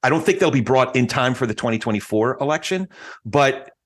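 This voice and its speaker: A man's voice: medium pitch, lively intonation, husky. Joking male podcast host. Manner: joking, halting with ums and restarts when making a point. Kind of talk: casual podcast conversation.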